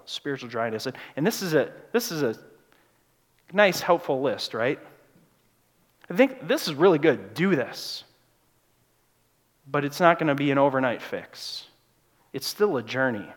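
A pastor preaching a sermon in a church, moving between loud, urgent passages and quiet, hushed ones. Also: male voice, fairly high pitch. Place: church sanctuary. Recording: long church reverb.

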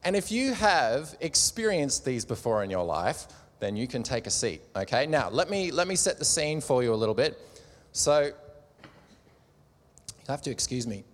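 A preacher at a church gathering delivers a casual, joking sermon to a live audience in a large room, inviting participation. His medium-pitched voice swings widely in pitch at a moderate pace, with a slight cough and long hall reverb.

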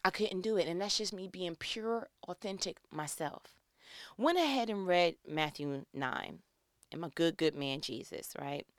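A woman's voice: lowish voice, expressive, unhurried, no room sound, clean studio sound. A woman in her thirties giving a casual devotional talk, acting out little scenes in other voices.

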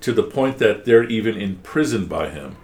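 A man's voice: lowish voice, animated, moderate pace, darkish tone. A man teaching a one-on-one class, explaining patiently and asking guiding questions.

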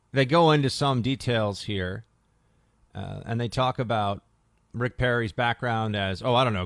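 A man's voice: fairly low pitch, a bit bright, dry recording, clean studio sound. A man hosting a political talk radio show, sarcastic and combative, reading press quotes aloud.

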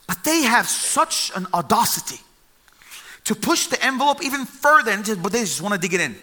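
Bright high-voiced man preaching a sermon. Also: a little fast. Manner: animated storytelling, acts out voices of the story.

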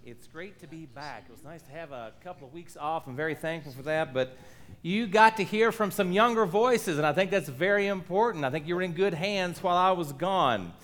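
Pastor guy preaching, friendly, asks the room questions, kinda high voice for a man, pulpit mic. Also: a little fast, a bit bright. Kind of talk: sermon. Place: church sanctuary. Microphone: lowered stand or pulpit microphone.

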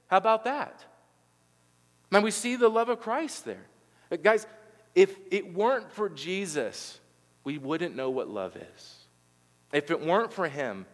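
Male pastor, sermon delivery, higher-than-average voice, wide swings from emphatic to hushed; long-reverb hall. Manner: swings from loud emphatic preaching to soft intimate appeals.

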